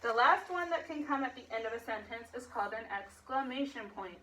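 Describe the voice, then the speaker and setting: A woman teacher leading a phonics lesson for young children, quizzing the class and acting out exclamations in a high squeaky voice. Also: expressive, brisk, sharp tone, recorded from a distance, a little hiss or hum.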